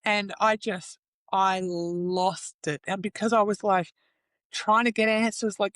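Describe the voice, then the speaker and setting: A woman's voice: medium pitch, measured pace, no echo. A woman, a guest in an interview, telling her story in a raw, emotional way, swearing freely and acting out the quoted voices of others. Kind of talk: candid personal interview.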